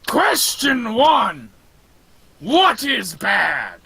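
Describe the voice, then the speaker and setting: A man voicing Frankenstein's monster, a giant, simple-minded male corpse who talks in broken caveman grammar with slow, booming shouts. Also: huge pitch swings, vocal fry, husky, dry recording, full character voice, rough recording. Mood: quizzing.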